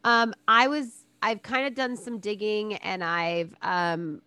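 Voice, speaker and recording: A woman's voice: medium pitch, fairly even intonation, slow, sharp tone, smooth, no room sound. A woman co-hosting a podcast, talking casually and rambling a bit, laughing at her own slips. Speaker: podcast co-host. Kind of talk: casual chat.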